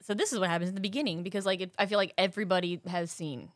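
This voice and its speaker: A woman's voice: lowish voice, fairly even intonation, very fast, no echo, studio quality. A woman co-hosting a casual podcast, chatty and swearing freely as she shares movie trivia. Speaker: podcast co-host. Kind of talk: casual chat.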